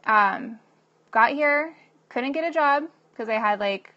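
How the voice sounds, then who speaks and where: A young woman in her late twenties chats casually, laughing often and leaning on fillers as she gives advice. Her voice sits a little high. The recording sounds muffled and dull. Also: expressive, takes it slowly, sharp tone. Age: 20s. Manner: chatty, laughs often, many fillers like "like" and "you know". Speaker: vlogger giving advice to young moms.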